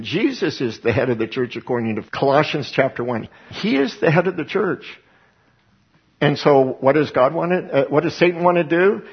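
A man's voice: mid-range voice, breathy edge, dull audio. A man teaching the Bible as a sermon, who talks emphatically and asks and answers his own questions. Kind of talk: preaching Bible study.

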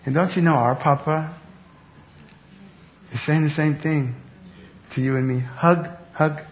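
Middle-aged preacher with dull, lo-fi sound. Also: male voice, on the high side, measured pace. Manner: conversational, with bursts of excited emphasis. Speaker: pastor. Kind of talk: sermon. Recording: dull lo-fi sound with faint background noise.

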